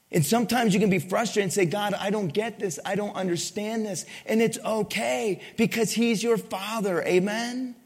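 A man delivers a sermon in a relaxed, conversational way and keeps checking in with his listeners. His voice is gravelly with a fry and sits a bit high for a man. The sound trails off into a long hall reverb. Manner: conversational, asks the crowd for amens. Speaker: pastor.

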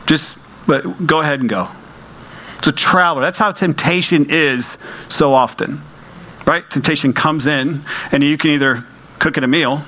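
A man's voice: mid-range voice, bright, forceful tone, slight background noise, poor audio. A man preaching a sermon to his congregation in a conversational way, with rhetorical questions and emphatic repetition. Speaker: pastor.

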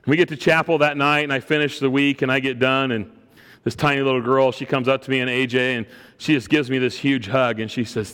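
A man's voice: medium pitch, steady tone, quick pace, a bit bright, clear, resonant tone. A middle-aged man preaching a sermon and telling a personal story in an earnest way, often repeating words as he starts a phrase. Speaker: pastor. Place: church sanctuary. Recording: long hall reverb.

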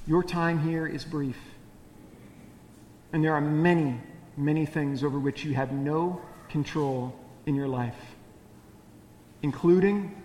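A man preaching a sermon in a relaxed, conversational manner, his voice sitting a little high for a man. He keeps turning questions back to the congregation. The sound is roomy, with a long echo from a large hall. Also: slight background noise. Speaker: pastor.

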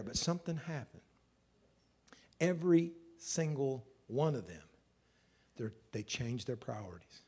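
A male pastor preaching a sermon with passion, dropping low and then rising loud. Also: very animated, unhurried, pauses often, slightly rough. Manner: impassioned, swings from soft to loud.

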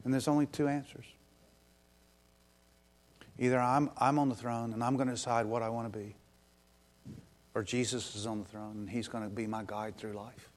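A pastor preaching a lively sermon at a church service, with quick asides and frequent "um" fillers. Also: male voice, mid-range voice.

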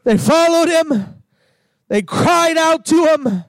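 A man pastor preaching a sermon, swelling into shouts and sprinkling "uh" between phrases. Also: very high voice, lively intonation, takes it slowly, no room sound.

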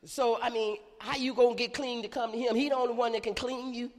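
A middle-aged woman, preaching an animated call-and-response sermon in a church. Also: a little high, fast, long reverb tail.

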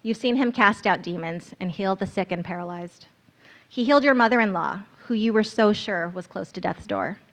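A woman's voice: medium pitch, normal speed. A woman narrating a guided scripture meditation in the second person, in an earnest, storytelling manner.

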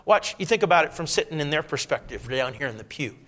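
High bright-voiced preacher. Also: male voice, animated, quick pace. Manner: swings from quiet conversational asides to loud preaching. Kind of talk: sermon.

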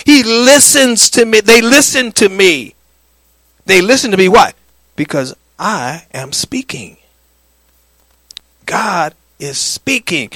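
A middle-aged man preaching a sermon, swinging from loud declarations to hushed lines and calling for the congregation's answer. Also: high voice, no room sound. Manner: calls for congregation response. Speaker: pastor.

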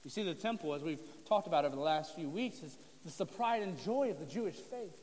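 A man's voice: on the high side, lively intonation, a little fast, a little mellow. A man preaching a sermon to his congregation in a casual, conversational way, with joking asides. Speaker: pastor. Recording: long reverb of a hall.

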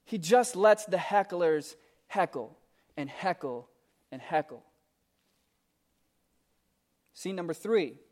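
A man's voice: on the high side, a little mellow. A man preaching a sermon, reading scripture aloud and then explaining it in a conversational, emphatic way with asides to the congregation. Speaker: pastor.

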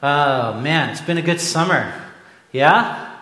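A young adult man from Oregon preaching a sermon to a congregation and telling stories with an animated, joking manner. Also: on the high side, slow pace. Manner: animated storytelling with a jokey aside. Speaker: pastor. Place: church sanctuary. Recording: echoey hall from far off.

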